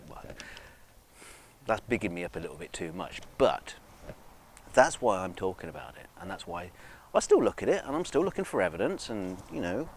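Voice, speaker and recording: A drunk man with a low-pitched voice and an English accent rambles through a casual monologue, full of fillers, restarts, and swearing. He's from England, of Scottish family, and makes guitar videos. Slight background noise is audible.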